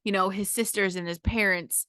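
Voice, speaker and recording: A woman's voice: mid-range voice, fairly even intonation, moderate pace, pushed and bright, smooth, dry recording, clean studio sound. A woman hosting a podcast, talking in a casual, emphatic monologue full of swearing and "okay?" checks. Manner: emphatic, profane, keeps asking "okay?". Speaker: podcast host.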